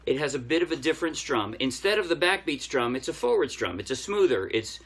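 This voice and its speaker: A ukulele instructor talks through a relaxed lesson step by step while playing, his instrument audible in the background. He speaks a little fast and is very animated, with a fairly high, a bit bright, slightly rough voice.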